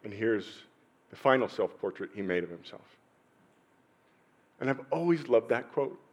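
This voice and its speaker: A middle-aged man preaching a sermon as pastor, telling personal stories with pauses and sudden swells in loudness. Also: on the low side, lively intonation, slightly rough.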